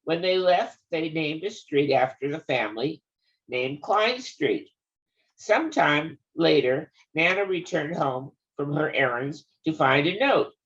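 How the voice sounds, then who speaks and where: A woman's voice: deep voice, expressive, a little slow. Older woman telling a story, lo-fi. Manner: wry, conversational storytelling. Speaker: storyteller reading her own story. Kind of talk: reading a family story aloud. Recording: dull lo-fi recording.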